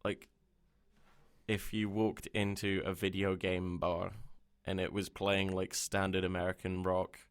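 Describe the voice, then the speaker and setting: A man's voice: low voice, little pitch movement, measured pace, clean tone. A young man co-hosting a podcast in casual chat, laid-back and swearing freely. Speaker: podcast co-host.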